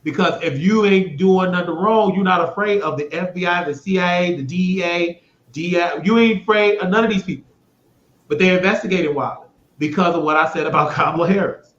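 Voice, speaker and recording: Man, show host, rambling monologue, blunt and profane, slightly high voice, echoey room. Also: brisk. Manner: rambling, blunt, swears freely; swings between loud bursts and mutters. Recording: echoey room, dull lo-fi sound.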